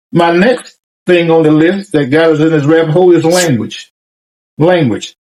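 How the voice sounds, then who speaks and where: Higher-voiced older man musing aloud. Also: darkish tone, low-quality recording. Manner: rambling, repetitive, with restarts. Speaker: commentator. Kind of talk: reflective monologue.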